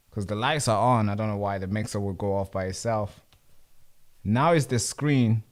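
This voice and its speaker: A man hosting a live stream from home, talking casually and with frustration to his viewers while he fixes his equipment. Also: medium pitch.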